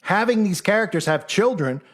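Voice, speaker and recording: High-voiced man, combative and mocking. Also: lively intonation, normal speed, fairly bright tone. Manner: combative, mocking, rhetorical questions; acts out critics in mock voices. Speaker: commentator. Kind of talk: argumentative monologue.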